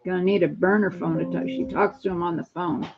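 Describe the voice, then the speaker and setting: A woman's voice: fairly low pitch, steady tone, brisk, gravelly, background noise. A woman in her sixties chatting at home on a phone live stream, rambling from one topic to the next. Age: 60s. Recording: dull lo-fi phone audio.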